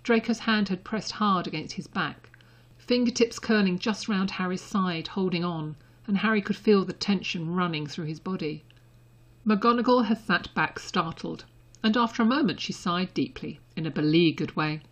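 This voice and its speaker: Woman reading a story out loud, soft and intimate, low breathy voice. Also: moderate pace. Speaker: reader. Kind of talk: audiobook narration.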